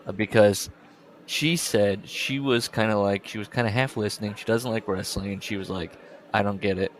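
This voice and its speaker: A man chatting casually as a podcast co-host, with a voice a little lower than most men's. He wanders through his stories with plenty of fillers, stops and restarts. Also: moderate pace. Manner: rambling storyteller with many fillers and restarts. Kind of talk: casual chat.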